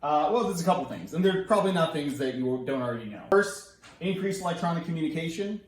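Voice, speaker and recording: A man's voice: on the high side, animated, quick pace, slight background noise. A man running for office, giving a scripted policy explainer with a playful, wry and emphatic delivery. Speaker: congressional candidate. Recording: echoey room.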